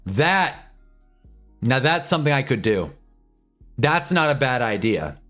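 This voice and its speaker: A man's voice: medium pitch, very animated, a little slow, fairly bright tone, soft background music. A young man in his twenties from Southern California, chatting casually on a live stream, rambling and joking with frequent laughs.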